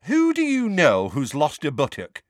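A man's voice: high-pitched, wildly swooping pitch, unhurried, a bit bright, no echo, studio quality, pitched above the performer's own voice, full character voice. A man voicing a perky young witch. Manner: eager, curious questions. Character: young male witch-ally, bright, cheerful, nosy.

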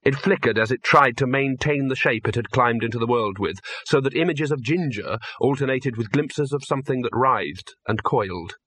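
A man reading an audiobook in a measured, dry storytelling manner. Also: medium pitch, fairly bright tone. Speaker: narrator. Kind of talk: audiobook narration.

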